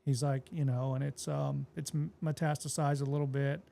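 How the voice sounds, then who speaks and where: A man, a pastor, telling his own story in a relaxed, plainspoken way on an interview podcast and acting out what people said to him. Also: medium pitch, normal speed, vocal fry. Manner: relaxed, plainspoken retelling that acts out quoted dialogue.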